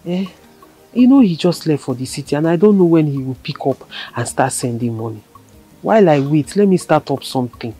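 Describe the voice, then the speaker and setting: Nigerian village wife, restless, husky mellow voice. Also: female voice, low-pitched, animated, fairly quick, faint music behind, poor audio. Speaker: wife whose husband left for the city.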